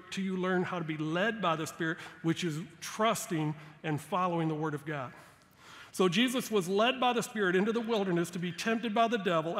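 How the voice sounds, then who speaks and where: A man delivers a sermon from the pulpit of a church sanctuary. His voice sits high, and he drives his points home with emphatic bursts. The long reverb of the hall trails every phrase. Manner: emphatic preaching, rising loud on key points. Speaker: guest pastor.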